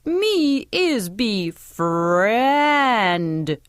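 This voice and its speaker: A woman voicing a small slimy purple alien who speaks in broken grammar and yells the last words. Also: a little high, big pitch swings, very slow, smooth, no room sound, studio quality, exaggerated voice. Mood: eager. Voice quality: wet, drooling.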